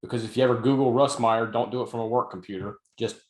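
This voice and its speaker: A man's voice: medium pitch, fairly even intonation, fast. Dry-humored man, roomy echo. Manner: dry storytelling, wry asides. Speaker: podcast co-host and novelist. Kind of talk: casual podcast chat.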